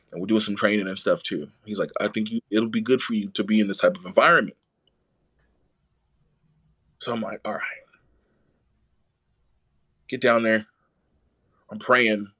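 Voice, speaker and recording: A young adult man, a podcast guest, telling his own story casually and acting out what others said in lively voices. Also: fairly low pitch, normal speed, pauses often.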